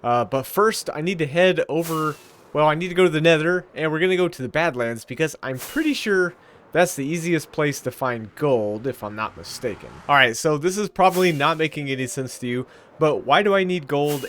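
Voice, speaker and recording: Chatty, slightly high-voiced male gamer. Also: a bit bright. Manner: earnest, chatty, rambling. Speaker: gaming YouTuber. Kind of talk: Minecraft let's play commentary.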